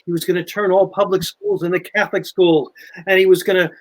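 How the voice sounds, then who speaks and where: An older man chatting as a historian guest, telling history stories in a lively, animated way. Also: high voice, brisk. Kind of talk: casual history chat.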